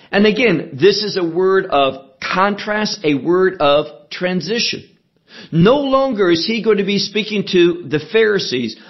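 A man teaching a sermon verse by verse, deliberate and emphatic, asking rhetorical questions as he explains the text. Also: on the high side, highs cut off. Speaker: Bible teacher.

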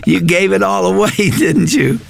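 A man voicing his mother, a loving wife gently teasing her husband in a retold story. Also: high voice, moderate pace, vocal fry, pitched above the performer's own voice, full character voice. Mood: fondly teasing.

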